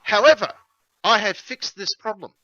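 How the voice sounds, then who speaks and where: A man's voice: high voice, expressive, moderate pace, sharp tone, dry recording, dull audio. An Australian man hosting a casual comedy chat show, rambling through bits and acting out silly phone calls. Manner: rambling comic storytelling, acts out phone calls in silly voices. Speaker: podcast host.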